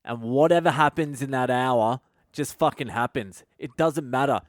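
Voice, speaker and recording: A man's voice: medium pitch, normal speed, no echo, clean studio sound. A male comedian hosting his own podcast, talking in a casual comedic monologue full of swearing and self-mocking asides.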